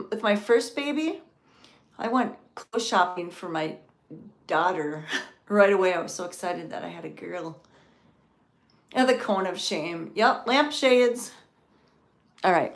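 On a casual vlog, a woman tours a cat sanctuary, cooing to the cats in high baby talk and now and then whispering.

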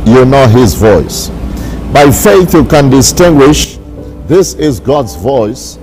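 A bishop preaching a sermon, repeating his declarations slowly and with emphasis. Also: medium pitch, dark tone. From Kenya.

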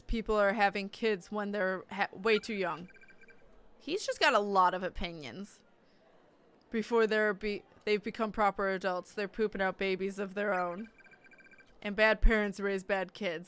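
A woman's voice: medium pitch, steady tone, moderate pace, fairly bright tone, clear, resonant tone, lightly acted. A woman voicing a sleazy, opinionated male teacher who speaks in a smug, preachy way.

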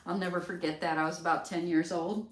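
Working in her grooming salon, a woman with a low-ish voice narrates casually at a quick pace and fairly even intonation, chatting away and lapsing into baby talk for the dog. The mic sits far off in the echoey room, picking up faint noise.

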